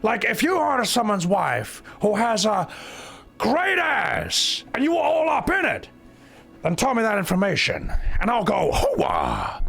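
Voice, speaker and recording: Dude putting on a brash crude informant guy, high gravelly voice, wild swings. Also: huge pitch swings, unhurried, exaggerated voice. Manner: brash, crude, shouting bursts. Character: crude shady male informant NPC doing a famous actor impression.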